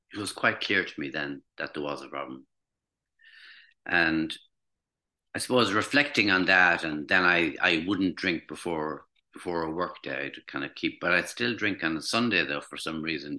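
A man's voice: low-pitched, sharp tone. A man in his sixties, once a teacher, tells a personal story in a reflective, hesitant way, with many restarts. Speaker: former teacher recounting recovery.

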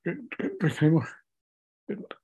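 Tearful man, husky and mellow. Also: sits high, wildly swooping pitch. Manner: candid, self-mocking, halting with fillers. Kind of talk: personal storytelling to an interviewer.

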